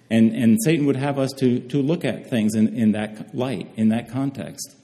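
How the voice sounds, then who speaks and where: A man preaching a sermon, reading scripture slowly and measuredly, often pausing and restarting phrases. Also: mid-range voice, steady tone, dark tone. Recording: reverberant hall.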